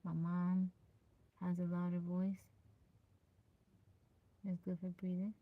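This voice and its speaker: Soft-spoken, easygoing woman streamer. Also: on the low side, monotone, takes it slowly, no echo, phone-quality sound. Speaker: live streamer. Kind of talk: casual live-stream chat.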